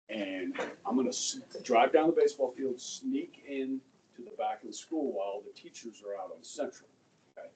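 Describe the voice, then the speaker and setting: A middle-aged male high school history teacher telling a story to his class, checking in with "okay?" and acting out the people in it. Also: darkish tone. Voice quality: conversational, acts out quoted voices, asks "okay?" often. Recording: distant mic in a classroom, faint room noise.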